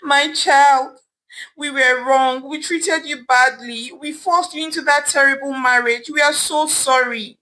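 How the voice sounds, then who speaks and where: A woman's voice: high-pitched, steady tone, a little slow, pushed and bright, voice pushed up, rough recording. A woman voicing a sad, remorseful old father apologising to his daughter in a storybook tale.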